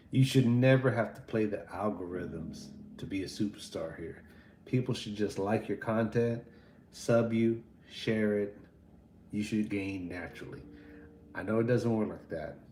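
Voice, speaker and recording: A man hosting a livestream in casual chat, laid-back and quick to laugh. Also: on the low side, a little mellow, reverberant, a little hiss or hum. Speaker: livestream host.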